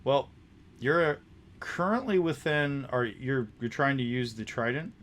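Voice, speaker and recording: A man narrating a tabletop game as dungeon master, describing scenes in a halting way with many restarts. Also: medium pitch, fairly bright tone.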